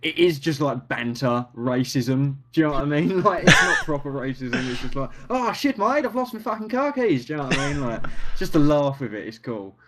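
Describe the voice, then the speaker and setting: A man's voice: mid-range voice, brisk, few pauses, a crowd in the background. A British man co-hosting a podcast, trading jokes and banter in casual chat. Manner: joking, banter-heavy. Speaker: podcast co-host.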